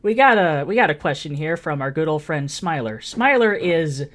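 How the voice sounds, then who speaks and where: A woman's voice: low-pitched, big pitch swings, moderate pace. A woman hosting a casual interview podcast, loose and joking as she talks to a live audience. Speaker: podcast host. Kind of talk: casual chat.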